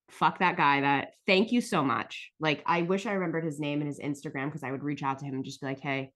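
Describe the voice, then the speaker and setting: A woman's voice: sits low, fairly bright tone. Emotional, cursing woman telling a story. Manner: emotional, swearing, lots of "like". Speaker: podcast host. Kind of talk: casual storytelling.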